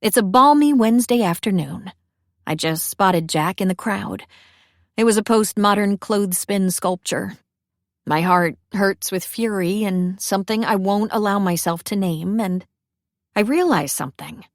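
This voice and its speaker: Young woman narrator, wry and self-deprecating, unhurried pace, dry close sound. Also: medium pitch, no room sound. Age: young adult. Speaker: audiobook narrator. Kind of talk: first-person romance narration.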